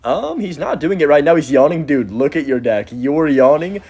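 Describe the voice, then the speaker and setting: A young man giving excitable, chatty commentary over his own gameplay, talking straight to his viewers. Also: a little high, moderate pace, breathy edge. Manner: excitable, chatty, talks to viewers as "guys" and "bro". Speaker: gaming YouTuber.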